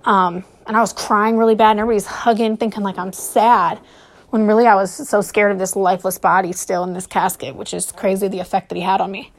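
A woman hosting a podcast, telling a personal story in a hesitant monologue with many pauses and fillers while sounding nervous and short of breath. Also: medium pitch, little pitch movement. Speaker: podcast host.

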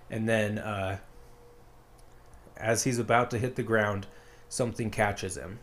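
A man's voice: on the low side, fairly even intonation, measured pace, pauses often, a bit bright. A man casually retelling a story as a podcast co-host, rambling with lots of fillers.

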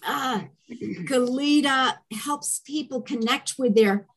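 A woman hosts a podcast and speaks slowly and deliberately. Her voice sits on the higher side, and she heaps enthusiastic praise on her guest. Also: husky. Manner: gushing, enthusiastic introductions. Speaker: podcast host. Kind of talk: casual podcast interview.

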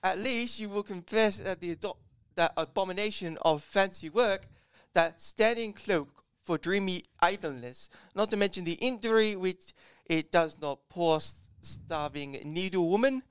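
A man's voice: sits high, normal speed, clear, resonant tone, dry recording, lightly acted. A man voicing a pretentious old-fashioned male newspaper reporter in a wordy, declamatory reading. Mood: pompous. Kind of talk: dramatic reading of an old quote.

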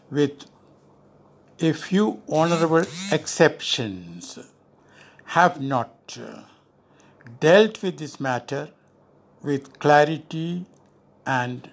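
An older man, a former ambassador, answering an interview question in a measured, emphatic way, stressing key words. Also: a little high, lively intonation. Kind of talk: deliberate spoken commentary.

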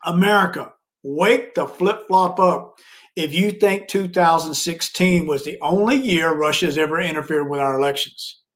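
A man's voice: fairly high pitch, normal speed, a bit bright. A man co-hosting a political podcast, talking bluntly with some mild cursing. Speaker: podcast co-host. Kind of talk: casual political commentary.

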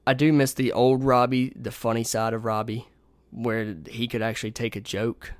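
A young man in his twenties tells his side of a story in a loose, profane, conversational voice. His pitch sits mid-range for a man. The sound is dry and close, with almost no room. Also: little pitch movement, normal speed, clean tone, dry recording. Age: 20s. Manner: blunt, profane, reads messages aloud. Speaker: podcast host. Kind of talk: casual storytelling monologue. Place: home kitchen.

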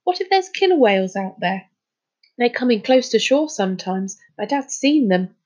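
A woman's voice: a little high, big pitch swings, moderate pace, a little mellow, highs cut off. A woman reading a storybook, voicing a cautious young girl who frets and scolds. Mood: worried. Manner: fretful, scolding.

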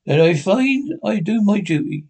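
A man's voice: high-pitched, lively intonation, measured pace, darkish tone, pitched above the performer's own voice, exaggerated voice. A man voicing a blunt, formal sea captain who speaks curtly. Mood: stern. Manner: curt, stiff and formal.

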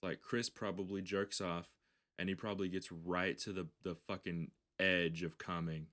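This man co-hosts a podcast, rambling through crude, casual conversation with frequent restarts, regular laughter, and acted-out voices when quoting people. His deep voice is a bit bright, with a flat delivery at a moderate pace.

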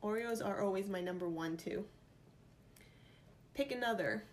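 A woman's voice: medium pitch, normal speed, a little hiss or hum. A woman with a New York accent, vlogging in casual chat, reading out quiz options and thinking aloud playfully. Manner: chatty, playful, reads options aloud and muses.

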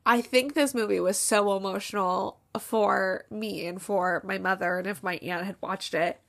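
A woman's voice: medium pitch, fairly even intonation, moderate pace, gravelly. A woman casually recapping a holiday movie plot, acting out the lines as she goes and close to tears. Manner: chatty retelling, acts out quotes, fillers like "like". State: tearful, near crying. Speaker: podcast host reviewing movies.

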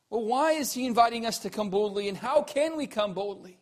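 Man with a high voice preaching; earnest, questioning, swings from emphatic to quiet. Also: lively intonation, brisk, hardly any pauses. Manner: rising to emphatic peaks, then dropping low and quiet; earnest, asks the listeners questions. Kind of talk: sermon.

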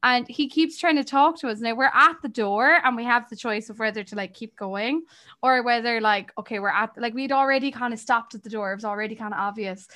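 A young woman co-hosting a podcast, telling a story in an animated, chatty way with many fillers. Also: on the high side, a little fast. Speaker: podcast co-host. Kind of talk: casual chat.

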